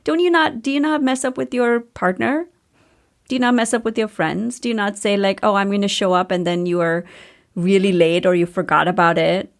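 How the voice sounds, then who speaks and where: A woman's voice: mid-range voice, steady tone, a little fast. A woman in her thirties hosting a podcast, talking candidly and casually with a storyteller's chatty flow. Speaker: podcast host and coach.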